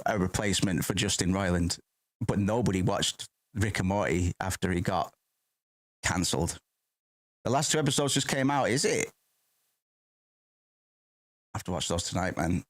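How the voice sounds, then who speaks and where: A man with a somewhat low voice gives casual let's-play commentary. He rambles and swears offhandedly, drifting between the game and side topics in an easy, unhurried chat. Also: dry recording, studio quality. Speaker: gaming streamer host.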